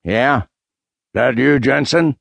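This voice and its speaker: A man voicing a loud, raspy, mocking father in his sixties who speaks with contempt in a bass roar. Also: slow, no room sound, heavily acted. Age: 60s. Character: loud raspy bully father, sixty-eight.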